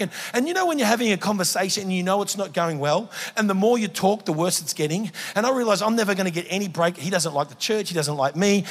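Brief: male preacher, high voice, storytelling sermon, long church reverb. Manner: storytelling, builds to shouted exhortation. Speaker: pastor.

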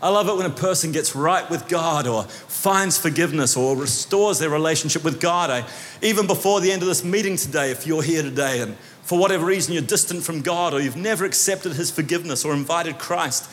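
A man from New Zealand with a New Zealand accent, preaching an animated sermon that swings between loud shouts and quiet asides. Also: on the high side, fairly quick. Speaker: pastor. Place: church hall. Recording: long hall reverb.

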